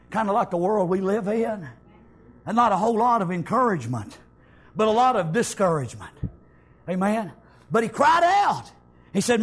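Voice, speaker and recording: A man preaching a sermon, shouting his lines in a sing-song rhythm and dropping an "amen" between phrases. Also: very high voice, breathy edge.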